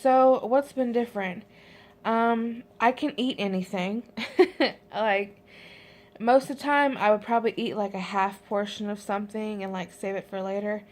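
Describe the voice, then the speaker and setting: A young woman talks through a casual pregnancy vlog update in a chatty, rambling way, full of ums and likes. She is heavily pregnant and a little out of breath, and her voice sits in a middle pitch. Her delivery stays loose and conversational. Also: fairly even intonation, normal speed. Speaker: vlogger.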